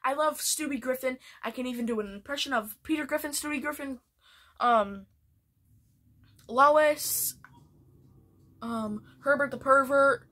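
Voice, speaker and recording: Excitable bright-voiced woman vlogger. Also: high-pitched, a little slow, pauses often. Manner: excitable, rambling, lots of fillers. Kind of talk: casual show ranking.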